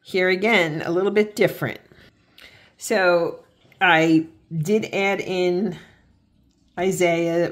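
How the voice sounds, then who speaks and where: Woman with a lowish voice, casual crafty faith vlog, earnest, keeps restarting her sentences. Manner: chatty, often restarts and corrects herself mid-sentence; heartfelt and earnest when speaking about faith. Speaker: faith and planner craft vlogger. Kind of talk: casual crafting tutorial chat.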